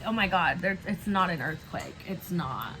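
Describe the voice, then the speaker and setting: A woman co-hosting a casual chat, animated and quick to act out what others said. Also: lowish voice, a loud crowd. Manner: animated, quotes people in exaggerated voices, laughs a lot. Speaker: co-host.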